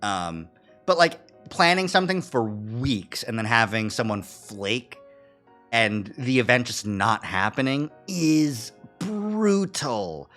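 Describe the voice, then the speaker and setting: A man's voice swings widely in pitch as he reads game narration and tosses out wry asides. The delivery is expressive and casual. Faint game music plays underneath. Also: slow. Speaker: streamer. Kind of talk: gameplay commentary and reading narration aloud.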